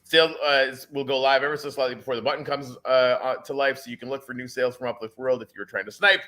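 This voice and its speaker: Relaxed man chatting on a stream. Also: mid-range voice, fast talker. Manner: relaxed, uses fillers like "uh" and "dude". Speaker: co-host. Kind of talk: casual live-stream chat.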